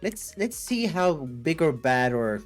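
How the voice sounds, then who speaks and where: A man's voice: a little high, very animated, takes it slowly, soft background music. A man hosting a casual coding livestream, thinking aloud and chatting with viewers in a rambling, upbeat way. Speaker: livestream host.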